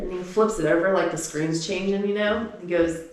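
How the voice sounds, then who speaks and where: Animated woman telling stories in a roomy space. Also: fast talker. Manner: animated storyteller, mimics people in higher voices. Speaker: podcast co-host. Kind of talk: casual chat.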